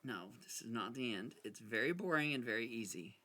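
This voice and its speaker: A man casually talking himself through a card game, anxious and excitable, arguing with himself as he plays. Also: mid-range voice, a little fast. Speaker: gameplay video creator. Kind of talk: casual talk over a solitaire game.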